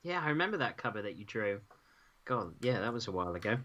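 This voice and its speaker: A man's voice: on the low side, big pitch swings, fast talker, pushed and bright. A man casually telling nostalgic stories to his brother, rambling and laughing along the way. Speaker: guest, the host's brother. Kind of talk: casual storytelling chat.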